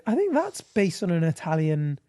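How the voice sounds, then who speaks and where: A man co-hosting a podcast in a playful, casual chat, now and then rattling off his words quickly. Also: a little high, huge pitch swings, dark tone, dry recording, studio quality. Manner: playful, bursts into quick rambling. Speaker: podcast co-host.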